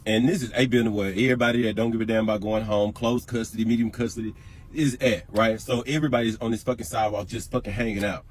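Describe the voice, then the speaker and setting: A man's voice: on the low side, fairly even intonation, fast. A man telling a personal prison story in an emphatic, profane, repetitive way. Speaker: storyteller in a reacted clip. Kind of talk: emotional storytelling.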